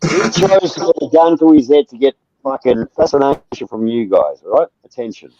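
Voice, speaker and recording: A man's voice: medium pitch, lively intonation, moderate pace, dark tone, muffled recording, slight background noise. A man with an Australian accent ranting on a livestream panel, swearing constantly and talking over others. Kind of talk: heated livestream panel talk.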